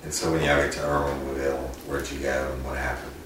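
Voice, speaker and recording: A man's voice: a bass voice, completely flat delivery, quick pace. A man hosting a podcast with a drawl, interviewing a family on location in a casual, informal way. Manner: drawling, informal, uses "y'all". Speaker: podcast host. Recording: echoey room, far mic, noisy.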